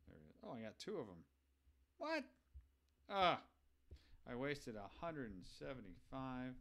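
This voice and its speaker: A man's voice: mid-range voice, gravelly, a bit bright. A man hosting a live baseball video game session, thinking aloud in casual commentary and asking his viewers for advice.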